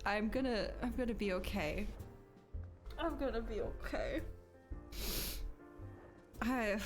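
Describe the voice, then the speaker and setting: A woman game streamer in casual live-stream chat, emotional and chatty, laughing and close to tears. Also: medium pitch.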